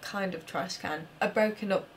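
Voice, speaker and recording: A woman co-hosting a live chat show, chatty and quick to agree. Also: mid-range voice, a little hiss or hum. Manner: chatty, lots of agreeing murmurs. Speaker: show co-host.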